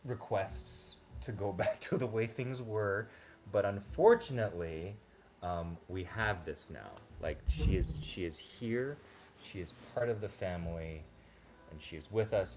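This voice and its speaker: Low-voiced man chatting on a home livestream. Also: a little hiss or hum. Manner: chatty, cooing baby talk at his dogs, reading out viewer comments. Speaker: livestream host. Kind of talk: casual livestream chat while cooking.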